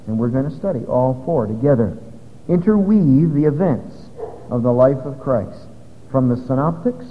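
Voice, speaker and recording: A man teaching an evening Bible study to a live audience, explaining step by step in a conversational way. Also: medium pitch. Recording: dull lo-fi recording with long hall reverb.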